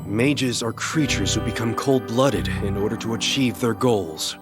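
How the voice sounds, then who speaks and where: A low, curt voice belongs to a cold warrior servant, as an actor voices him in an anime dub. He speaks with aloof disdain. Music plays clearly under him. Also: unhurried, lightly acted. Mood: disdainful. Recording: studio dub with music behind.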